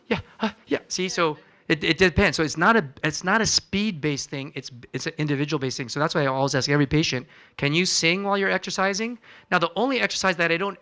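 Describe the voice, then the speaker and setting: A man's voice: on the high side, sharp tone. A man, a physician, giving a conversational health lecture in a church hall, quizzing the audience and acting out talks with patients. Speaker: physician presenting a wellness seminar.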